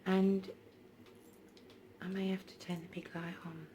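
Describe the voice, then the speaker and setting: Hesitant woman, low voice. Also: flat delivery, slow, pauses often, background noise. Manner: hesitant, many ums and restarts. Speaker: spiritual vlogger. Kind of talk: casual storytelling vlog. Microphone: phone.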